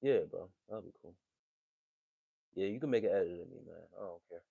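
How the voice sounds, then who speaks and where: A man's voice: low voice, a little fast, creaky, dark tone, breathy edge, no room sound, muffled recording. A man, hosting a livestream and chatting loosely with his chat, full of fillers and slang. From New Jersey. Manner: laid-back, loose slangy talk with many fillers. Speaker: livestream host reading chat.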